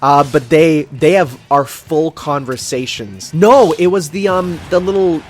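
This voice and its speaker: A man's voice: a little high, measured pace, faint music behind. Rambling man sharing game trivia. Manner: rambling trivia, many fillers like "like". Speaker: co-commentator. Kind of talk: casual gameplay commentary.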